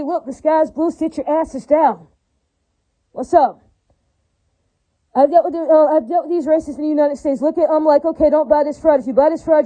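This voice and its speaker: Fast, heated woman ranting. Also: high voice, mellow, rough recording. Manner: profane, heated, preachy, repetitive. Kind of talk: angry monologue rant.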